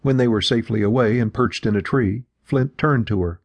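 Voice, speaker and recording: Gravelly male audiobook narrator. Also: medium pitch, fairly quick, a little mellow, no room sound. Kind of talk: scripted narration.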